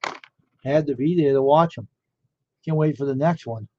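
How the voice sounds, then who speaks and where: A man's voice: on the high side, moderate pace, a little hiss or hum. A man chatting casually on a live stream, rambling and amazed, firing off one question after another. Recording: dull lo-fi dry sound.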